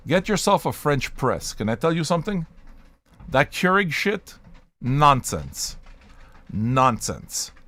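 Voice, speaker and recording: Older man, show host, casual rant, swearing and rambling, raised voice with lively swings, close mic, dead dry basement. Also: medium pitch, no room sound. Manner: loud, profane, rambling. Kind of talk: casual rant to a live audience. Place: home basement.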